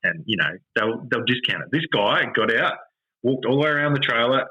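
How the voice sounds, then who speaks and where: An Australian man hosting a podcast, telling a story in an animated, exasperated rant with lots of swearing. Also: mid-range voice, fairly quick, slightly rough, highs cut off. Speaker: podcast host. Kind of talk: casual storytelling chat.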